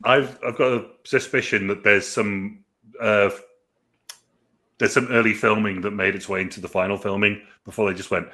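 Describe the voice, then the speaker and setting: A man's voice: on the low side, steady tone, moderate pace, bright, forceful tone. A British man co-hosting a film review chat, laughing often and swearing freely. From Britain. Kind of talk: casual chat.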